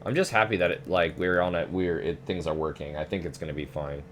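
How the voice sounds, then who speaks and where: Low-voiced young man, laid-back streamer. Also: fast talker, a little hiss or hum. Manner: relaxed, swears, says "dude" often. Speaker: flight sim streamer. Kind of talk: casual chat.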